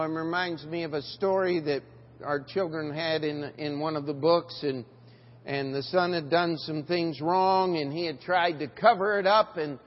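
A man preaching a sermon in a church, asking the congregation questions and reading scripture aloud in old-fashioned wording. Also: high voice. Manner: reads scripture aloud in King James wording. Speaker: pastor. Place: church sanctuary. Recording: dull church recording with long reverb.

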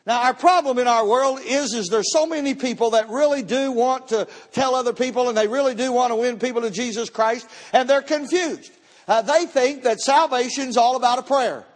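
A man's voice: very high-pitched, moderate pace. A man preaching a sermon to a church, telling a story with emphatic, repeated words. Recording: long church hall reverb.

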